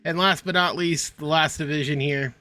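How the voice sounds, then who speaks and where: A man's voice: on the high side, fairly even intonation, moderate pace, pushed and bright. A young man giving casual, rambling game commentary as a streamer, reading out stats with a sarcastic edge. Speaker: gaming streamer.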